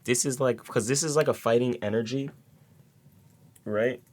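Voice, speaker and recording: A man's voice: mid-range voice, steady tone, normal speed, a little mellow. A man giving a casual tarot reading to his viewers, rambling with repeated words and many fillers. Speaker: tarot reader.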